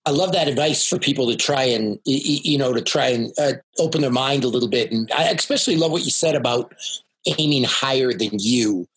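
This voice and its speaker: A man hosting a podcast, asking casual interview questions with enthusiasm and some halting restarts. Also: medium pitch, a bit bright, slightly rough, poor audio. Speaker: podcast host.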